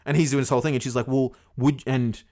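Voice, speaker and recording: A man's voice: medium pitch, steady tone, racing, a little mellow. A man casually retelling a fairy tale to his podcast co-host, rambling and swearing along the way. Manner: rambling, swears often, many fillers.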